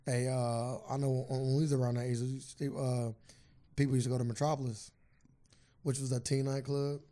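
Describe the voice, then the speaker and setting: A man's voice: medium pitch, flat delivery, fairly quick, mellow. A man co-hosting a podcast in casual chat, talking over the other speaker and repeating phrases as he builds a point. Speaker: podcast co-host.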